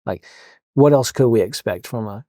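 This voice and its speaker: A man who counsels police officers, talking casually in a podcast interview, halting, with many fillers and restarts. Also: mid-range voice, warm tone, no echo, clean studio sound.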